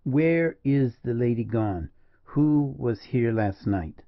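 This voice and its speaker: A man's voice: medium pitch, expressive, slow, no room sound, highs cut off. Man reading as a cold, stern general. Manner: commanding, harsh interrogation.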